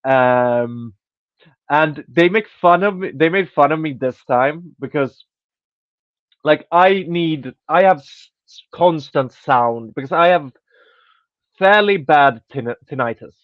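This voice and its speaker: A man's voice: fairly high pitch, animated, takes it slowly, no echo. A man telling a rambling story in casual podcast chat as host, restarting sentences and swearing offhandedly. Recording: dry, dull lo-fi sound.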